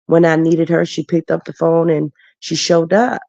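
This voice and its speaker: A woman's voice: sits low, little pitch movement, normal speed, vocal fry, dark tone, no room sound, dull audio. A woman hosting a late-night livestream chat, emotional and laughing as she answers her viewers by name. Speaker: livestream host.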